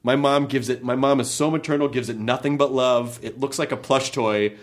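A man chatting casually as a podcast co-host, animated and laughing often, trailing off and restarting his sentences. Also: mid-range voice, a little fast. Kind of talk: casual conversation.

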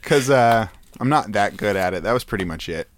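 A man's voice: fairly low pitch, animated, fairly quick. A man co-hosting a podcast in casual chat, playful and jokey, often laughing. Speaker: podcast co-host.

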